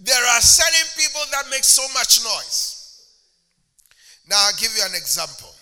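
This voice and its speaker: A man's voice: extremely high pitch, very animated, moderate pace, sharp tone, in a large hall. A man preaching a sermon as a pastor, using a prop and mocking impressions of churchgoers.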